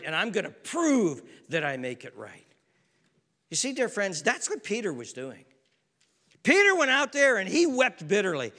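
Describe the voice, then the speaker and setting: A middle-aged man preaching a sermon as a pastor, swinging from loud exhortation to hushed intensity. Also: very high-pitched, big-room sound.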